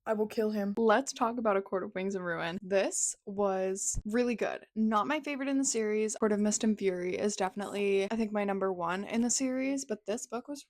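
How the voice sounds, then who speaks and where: A woman's voice: medium pitch, fairly quick, few pauses, a little mellow. A young woman talking casually and emotionally about the books she is reading, gushing with lots of "like". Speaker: book vlogger. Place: at home on her couch.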